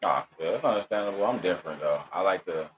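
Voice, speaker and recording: A man's voice: deep voice, lively intonation, fast, lo-fi sound, slight background noise. A confident young man co-hosting a podcast in casual chat, speaking close into the mic. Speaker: podcast co-host.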